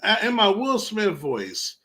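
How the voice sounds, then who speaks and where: A man with rants hotly about rival fans on a casual podcast. His pitch sits a little high and moves a lot, and he swears freely. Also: wildly swooping pitch, unhurried, pushed and bright. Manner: heated, profane, emphatic ranting. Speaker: podcast co-host. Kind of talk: casual sports rant.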